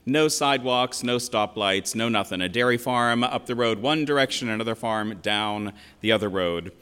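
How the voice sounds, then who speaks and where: A man in his sixties from western Pennsylvania, preaching a sermon as a pastor in a reflective, measured storytelling manner with emphatic quotations. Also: medium pitch, pushed and bright, clear, resonant tone. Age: 60s. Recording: long reverb of a large hall.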